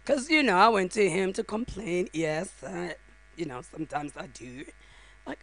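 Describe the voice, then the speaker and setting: A woman's voice: fairly low pitch, expressive, moderate pace, fairly bright tone. A middle-aged woman, a grieving mother, delivering a heartfelt funeral eulogy in short, broken phrases. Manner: heartfelt, speaks directly to the mourners.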